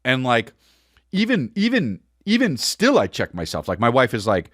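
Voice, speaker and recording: A man's voice: medium pitch, wildly swooping pitch, moderate pace, a bit bright, dry recording, clean studio sound. A man hosting a podcast, telling a casual comic story in a rambling way with stammered restarts and crude words. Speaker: podcast host.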